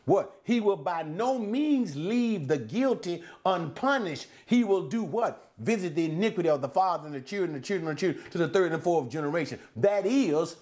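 A man's voice: high-pitched, animated, normal speed, hardly any pauses, darkish tone. A man teaching a Bible lesson as a sermon, posing rhetorical questions and then answering them, often repeating and restarting words. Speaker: preacher.

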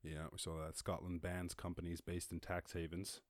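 A man with an Irish accent hosting a casual solo podcast, reacting to news in a jokey, excitable way and swearing freely. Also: low-pitched, moderate pace, no echo, studio quality. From Ireland. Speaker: podcast host.

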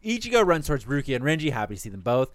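A man's voice: medium pitch, very animated, very fast, dry recording. A man animatedly recapping a cartoon plot for friends in casual, profane storytelling, laughing often.

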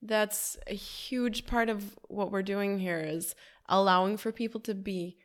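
A woman who runs healing events, speaking gently and slowly in an affirming, supportive way on a podcast. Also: medium pitch, steady tone. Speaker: retreat facilitator. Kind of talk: podcast conversation.

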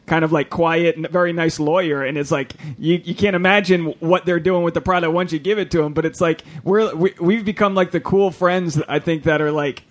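Man, slightly high voice, podcast host, casual and rambling, comic. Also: fairly even intonation, brisk, hardly any pauses. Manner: rambling, many restarts and fillers. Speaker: podcast host, stand-up comedian. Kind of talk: casual chat.

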